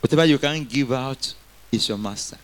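A man's voice: medium pitch, normal speed. A man preaching a sermon, quoting scripture and getting the congregation to repeat lines after him.

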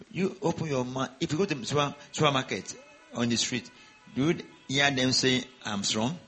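A man's voice: medium pitch, normal speed, bright, forceful tone, faint music behind, rough recording. A man preaching a sermon to a congregation, exhorting them with rhetorical questions and repeated calls.

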